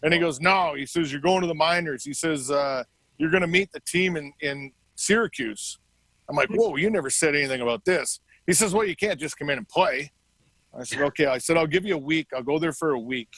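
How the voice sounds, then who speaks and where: A middle-aged former hockey player, appearing as an interview guest, tells stories casually and animatedly, acting out the quoted dialogue. His voice is on the high side and brisk, in a rough recording without echo.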